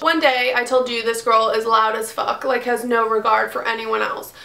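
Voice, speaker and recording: A young woman tells a storytime with exasperated, profane energy. Her voice sits a little high, and the room around her is echoey. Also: little pitch movement, normal speed, creaky, few pauses, bright, forceful tone. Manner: profane, exasperated retelling with acted quotes. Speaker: vlogger. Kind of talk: casual storytime.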